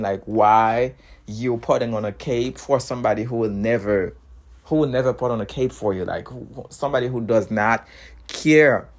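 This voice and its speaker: A man, an immigrant with a foreign accent, giving a heated casual opinion monologue. He repeats himself often and breaks into short laughs between points. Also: medium pitch. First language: not English. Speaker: commentator.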